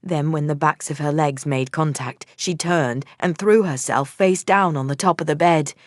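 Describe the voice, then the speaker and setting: Low-voiced woman narrating an audiobook. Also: normal speed, dry recording, studio quality. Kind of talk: first-person audiobook narration.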